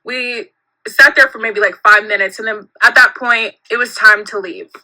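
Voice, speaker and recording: A young woman telling a personal story in an animated, giggly way, acting out what people said. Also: a little high, moderate pace, rough recording. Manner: animated, giggly, acts out quotes.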